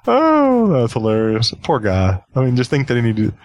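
A man's voice: medium pitch, wildly swooping pitch, moderate pace, no echo. A man hosting a podcast in easy casual chat. He often repeats himself and laughs along as he talks. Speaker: podcast host.

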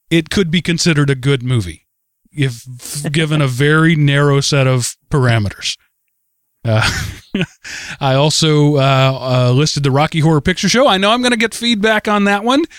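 Male podcast host, slightly high voice, dry close mic, animated and quick to laugh. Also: clean tone, no room sound. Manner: laughs often, animated, reads listener email aloud. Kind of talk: casual podcast chat.

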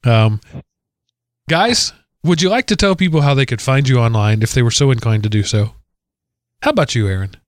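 Rambling male podcast host, lively pitch. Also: normal speed, dry recording, clean studio sound. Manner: rambling, self-deprecating jokes. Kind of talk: casual chat.

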